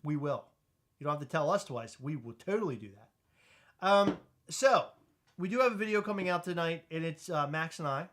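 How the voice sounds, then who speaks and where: A man co-hosting a podcast in casual chat, loud, joking and teasing. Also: on the high side, expressive, normal speed, noisy background. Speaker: podcast co-host.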